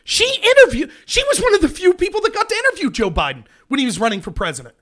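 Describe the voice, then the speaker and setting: Male political streamer, fairly high voice, swings up and down a lot, sarcastic rant. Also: fast talker. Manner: animated, sarcastic, ranting. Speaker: host. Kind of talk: political commentary livestream.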